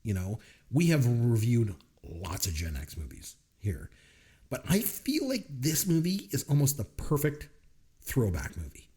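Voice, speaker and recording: Guy on a movie podcast, super animated, keeps laughing and doing the movie lines. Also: mid-range voice, a little slow. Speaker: podcast co-host. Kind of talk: casual movie review chat.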